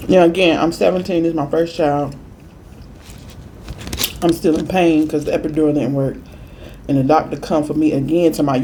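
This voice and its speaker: A woman food vlogger chatting through a storytime while she eats, with emphatic repeats and lively quoted voices. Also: low voice, a little fast, long pauses, a little hiss or hum. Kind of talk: casual storytime while eating.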